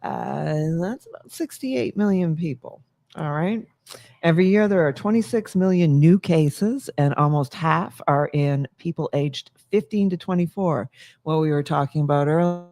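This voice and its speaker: A woman's voice: low voice, moderate pace, warm tone. A woman co-hosting a podcast, reading odd news stories in a playful way, teasing and laughing often. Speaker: podcast co-host.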